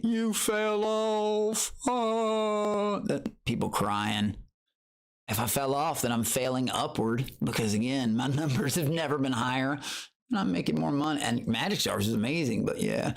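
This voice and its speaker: A man's voice: medium pitch, creaky. A man chatting casually on his livestream, boasting and taunting his critics while greeting viewers in chat.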